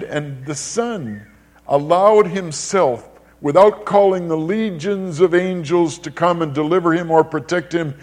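Here an older man preaches emphatically, his voice climbing and dropping in both pitch and volume as he repeats his words again and again.

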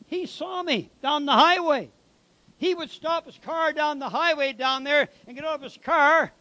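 A man's voice: very high-pitched, moderate pace, sharp tone, no room sound. A man giving a preaching testimony as a former convict, telling his story in an emphatic, dramatic way.

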